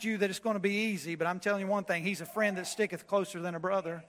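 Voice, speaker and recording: A man preaching a sermon, telling a story with animated swings between loud preaching and quiet. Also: high voice, quick pace, few pauses, in a large hall. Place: church.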